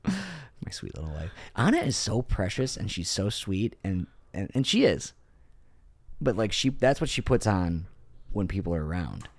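Deep-voiced, swearing podcast co-host. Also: male voice, moderate pace, no room sound. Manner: profane, laughs often, animated storytelling. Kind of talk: casual chat.

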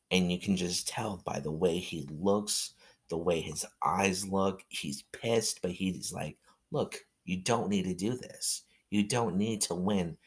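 Male, very low voice, unhurried, casual match recap full of halting restarts. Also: slightly rough. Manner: rambling, halting, with many fillers and restarts.

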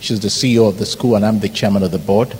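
A middle-aged Nigerian man from Ibadan with a Nigerian accent, a pastor preaching an animated sermon full of stories, mimicked shouts and laughter. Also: on the low side, quick pace, breathy edge. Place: large church hall. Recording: hall reverb, faint background noise.

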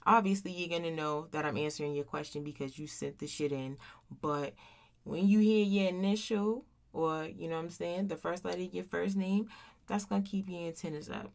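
A woman's voice: lowish voice, a little fast, creaky, a little mellow. A woman in her thirties hosting her own podcast in a casual solo monologue, blunt and profane, full of slang, often tagging lines with "right?". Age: 30s. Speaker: podcast host.

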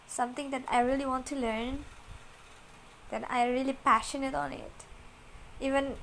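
Hesitant, soft-spoken woman venting. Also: high voice, a little hiss or hum, poor audio. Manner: hesitant, halting and repetitive, searching for words. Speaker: vlogger. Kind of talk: personal confessional monologue.

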